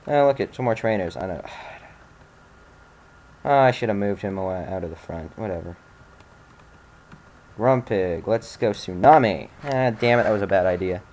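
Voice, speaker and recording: A man's voice: lowish voice, expressive, normal speed, pauses often, a little mellow. Grumpy young man swearing at a game. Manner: irritable, swearing, grumbling. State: angry, frustrated. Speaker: let's play commentator. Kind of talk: casual gameplay commentary.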